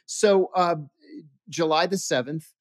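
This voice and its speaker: A man's voice: a little high, slow pace, no echo, clean studio sound. A man, a former intelligence officer, telling anecdotes in an interview, acting out quoted dialogue with frequent restarts. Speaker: guest, former CIA officer. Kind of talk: storytelling interview answer.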